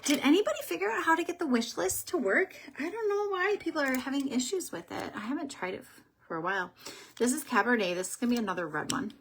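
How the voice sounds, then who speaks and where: A woman hosting a casual beauty vlog, chatting through makeup swatches as she thinks aloud. She sometimes drops to a soft whisper and stumbles over product names. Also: sits high, animated, fast, creaky, a little hiss or hum. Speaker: beauty vlogger host.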